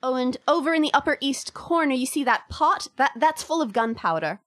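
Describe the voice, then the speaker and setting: In a tabletop game, a woman putting on a young Irish woman locked up as a witch speaks with an Irish accent, chatty and wry with a grim edge. The voice sits fairly high and dry, with no room around it. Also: animated, fairly quick, fairly bright tone, no room sound.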